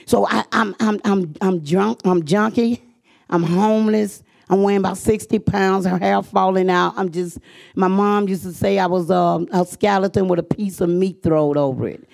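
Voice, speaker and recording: A middle-aged woman tells her life story to a room of listeners in a gravelly, creaky voice. She talks earnestly and slips into the voices of the people she quotes, her pitch climbing when feelings run high. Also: fairly even intonation, normal speed, a little mellow. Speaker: speaker sharing her recovery story. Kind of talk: personal testimony to an audience.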